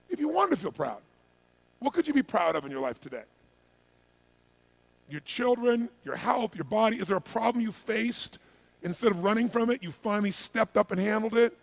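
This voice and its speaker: A man's voice: high voice, big pitch swings, a little fast, gravelly, poor audio. A man giving a live seminar as a motivational speaker, firing repeated questions and urging the audience to answer.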